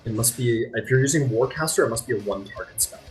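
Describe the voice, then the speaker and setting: A man narrating as game master of a tabletop game, chatty and quick to apologize. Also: medium pitch. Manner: lively, chatty, apologetic asides. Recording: faint guitar music behind.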